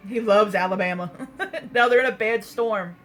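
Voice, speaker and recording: A woman's voice: medium pitch, normal speed, a bit bright, poor audio. A woman hosting a casual livestream, answering viewer comments in a candid, blunt way, swearing freely and laughing often. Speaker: livestream host.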